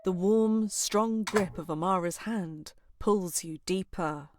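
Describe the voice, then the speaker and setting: A woman giving scripted, even narration for a video game. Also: lowish voice, slow, no room sound. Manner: even, descriptive storytelling.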